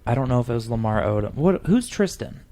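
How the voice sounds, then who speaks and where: A man's voice: mid-range voice, sing-song, fast, mellow. A man hosting a podcast in casual chat, rambling, restarting his sentences and swearing loosely. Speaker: podcast host.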